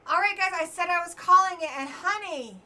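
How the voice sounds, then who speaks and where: Bright high-voiced British woman hosting. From Britain. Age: 40s. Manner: chatty, teasing, quick to laugh. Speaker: host. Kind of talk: casual live-stream chat.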